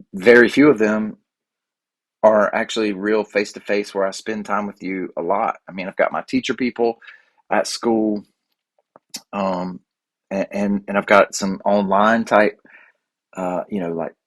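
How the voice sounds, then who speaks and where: Rambling low-voiced man podcasting. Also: no room sound. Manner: rambling, halting, with many restarts and fillers. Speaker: podcast host. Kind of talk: casual solo podcast monologue.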